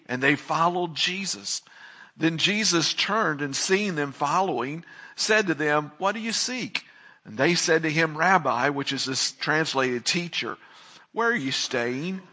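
Bright-voiced male preacher. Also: on the high side. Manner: reads scripture aloud, then preaches with rising emphasis. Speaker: pastor. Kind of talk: sermon with Bible reading and prayer.

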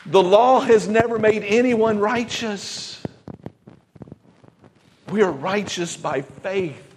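A man preaching a Pentecostal sermon, emphatic, swinging from loud exclamations to quiet asides. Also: sits high, slow, long reverb tail, a little hiss or hum. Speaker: pastor.

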